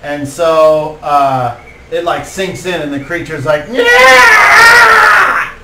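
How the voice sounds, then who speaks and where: A man's voice: a little high, fairly even intonation, slow pace. A man running a tabletop game, narrating the action and explaining rules with lots of fillers. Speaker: game master. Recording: echoey room, mic far off, faint noise.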